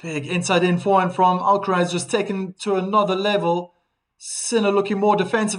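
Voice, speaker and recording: A man giving live play-by-play tennis commentary on a stream, calm between points, livelier on big shots, reading viewer chat aloud. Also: high-pitched, a little fast.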